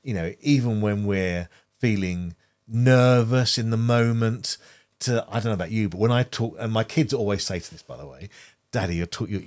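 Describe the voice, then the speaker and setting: A middle-aged man co-hosts a podcast in a fairly low, slightly mellow voice at a moderate pace. He chats casually and earnestly, often repeating words while he thinks.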